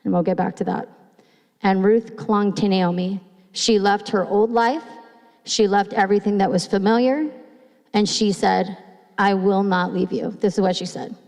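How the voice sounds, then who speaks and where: A woman pastor giving a sermon in a church, reading scripture slowly and retelling it, sounding nervous and restarting phrases. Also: mid-range voice, darkish tone. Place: church sanctuary. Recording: long hall reverb.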